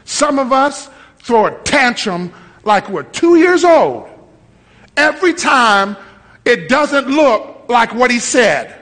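A man's voice: very high voice, sing-song, takes it slowly, fairly bright tone. A male pastor preaching a sermon with humor, repeating phrases for emphasis.

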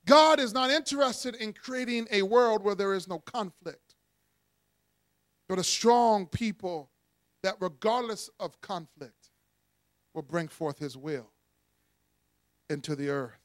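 Male pastor, higher-pitched voice, animated call-and-response preaching, dry close sound. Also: slow, long pauses, no echo. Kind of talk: sermon.

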